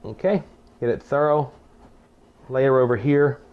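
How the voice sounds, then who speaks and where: A man's voice: medium pitch, measured pace, smooth, narrow, tinny audio. A middle-aged man demonstrating a recipe in a home kitchen, talking in a chatty, folksy way with teacherly asides and restarted phrases. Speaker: cooking show chef. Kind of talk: casual cooking demonstration.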